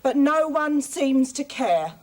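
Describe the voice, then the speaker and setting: A woman's voice: sing-song, a little mellow, heavily acted. A woman playing a weary middle-aged mother on a talk show, her sentences rising at the end. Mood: complaining. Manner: slow, deliberate, pitch rising at ends.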